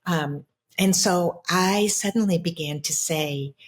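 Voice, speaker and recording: A woman's voice: fairly low pitch, takes it slowly. A middle-aged woman, a spiritual coach, telling a personal story in an interview in an earnest, reflective way with many restarts. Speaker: ancestral healer and spiritual coach.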